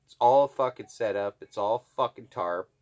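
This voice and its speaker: Angry ranting man from Alaska, low voice. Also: moderate pace, a little mellow. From Alaska, USA. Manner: heated, profane, ranting. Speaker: vlogger. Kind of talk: angry political rant to camera.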